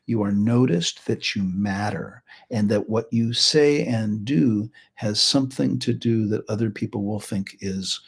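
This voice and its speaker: A man's voice: fairly low pitch, a little slow, gravelly, few pauses, breathy edge. A middle-aged man hosting a live teaching talk, chatty and rambling, with joking asides. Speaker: host and healing practitioner.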